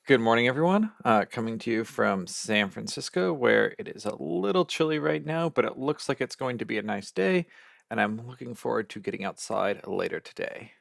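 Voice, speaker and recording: A man on a video call, friendly and relaxed. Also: medium pitch, normal speed, vocal fry, no room sound, clean studio sound. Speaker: call participant.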